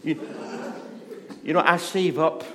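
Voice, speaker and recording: A middle-aged Scottish pastor preaching a sermon, telling stories and moving between hushed and loud, lively delivery. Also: male voice, a little high, slow pace. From Scotland. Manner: storytelling, shifts from hushed to loud and animated.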